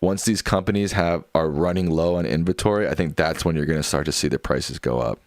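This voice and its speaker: Young male streamer, deep voice, dry close-miked sound, casual and rambling. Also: fairly quick, no echo. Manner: loose and rambling, with many fillers and restarts. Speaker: livestream host. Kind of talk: casual livestream chat reading viewer comments.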